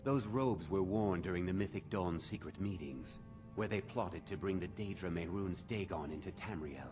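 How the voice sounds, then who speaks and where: Deep-voiced zealous museum curator played by a man, earnest tour-guide lecturing, game music behind. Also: normal speed, natural voice. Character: zealous male museum curator of cult relics. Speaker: game character.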